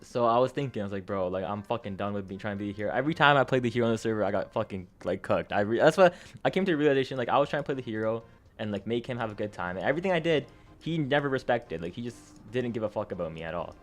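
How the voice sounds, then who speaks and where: Faint music plays behind a young man firing off a gaming story in rapid-fire speech at medium pitch. He's animated and rambling, loading the story with slang, profanity and fillers as his energy bounces up and down.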